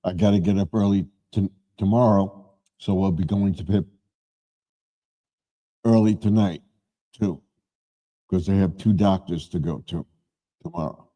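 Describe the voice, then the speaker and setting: A man hosting a casual live stream from his home man cave, talking in a slow, rambling, low-key way. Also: warm tone, muffled recording.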